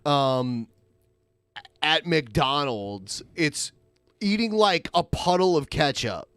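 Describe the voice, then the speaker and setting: A man's voice: fairly high pitch, expressive, takes it slowly, a bit bright, clean tone, dry recording, soft background music. A man co-hosting a podcast, sarcastic and skeptical in casual crude banter. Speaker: podcast co-host.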